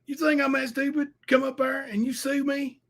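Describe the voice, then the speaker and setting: A man putting on the voice of a cowardly male rival, in a high, shrill mocking tone. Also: flat delivery, normal speed, fairly bright tone.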